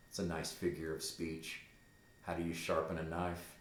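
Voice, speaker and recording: A man's voice: low-pitched, completely flat delivery, moderate pace. A man teaching a class, reading a play aloud and explaining it in a conversational way. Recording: roomy echo.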